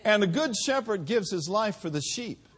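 A man preaching a sermon in a church, with call-and-response and drawn-out emphasis. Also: sits high, lively intonation, a bit bright, slightly rough.

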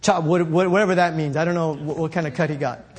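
High-voiced husky man preaching. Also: steady tone, fast. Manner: rambling, self-correcting, building to shouts. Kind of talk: sermon storytelling.

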